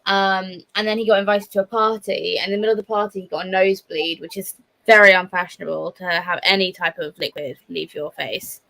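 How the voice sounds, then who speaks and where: A woman hosting a casual reading livestream, animated and bubbly, reading out viewer comments. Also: mid-range voice, fairly quick, creaky, few pauses, rough recording. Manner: bubbly, animated, reads chat comments aloud. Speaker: host of a reading stream. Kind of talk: casual chat.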